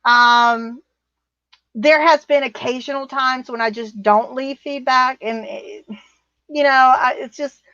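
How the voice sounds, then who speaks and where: Taking it slowly, a woman with a high, sharp voice and fairly even intonation rambles through viewer comments as co-host of a casual livestream, easily amused. The recording is dry, with the highs cut off.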